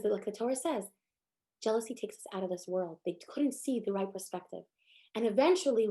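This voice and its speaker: High-voiced woman teaching a Torah class. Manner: animated, rises in pitch and force when stressing a point; acts out the people in her stories with quoted speech.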